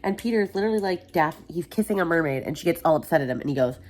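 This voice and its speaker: A young woman vlogging about her reading, exasperated and animated as she mocks lines from a book. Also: deep voice, quick pace, hardly any pauses. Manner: exasperated, animated, mocking quotes. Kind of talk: casual reading vlog rant. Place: home hallway.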